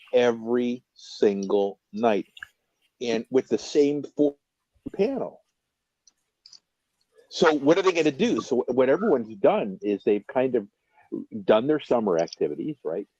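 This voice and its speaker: A man's voice: medium pitch, lively intonation, slow, a little mellow, no echo, muffled recording. A man guesting on a casual livestream chat, earnest and emphatic, often repeating himself.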